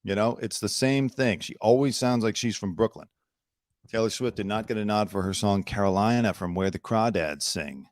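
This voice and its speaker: A man's voice: lowish voice, moderate pace, no echo, clean studio sound. A man hosting his own news commentary show, chatty and opinionated with sarcastic asides. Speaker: host.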